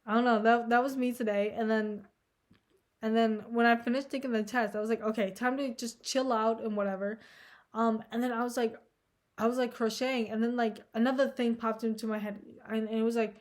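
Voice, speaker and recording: Young adult woman, slightly high voice, casual anxious vlog ramble, heavy filler and profanity. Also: little pitch movement, brisk. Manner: anxious, self-deprecating. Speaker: vlogger.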